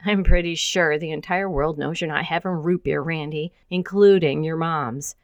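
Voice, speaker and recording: A woman's voice: low-pitched, moderate pace, no echo, lo-fi sound. A woman voicing an affectionate, joking middle-aged mother who is a hacker. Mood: teasing.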